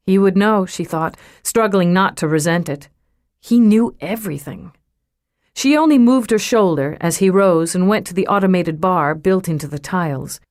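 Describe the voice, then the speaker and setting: Reading from a novel, a female audiobook narrator keeps her scripted storytelling measured and even. Her pitch is on the low side, and the recording is dry and studio-grade.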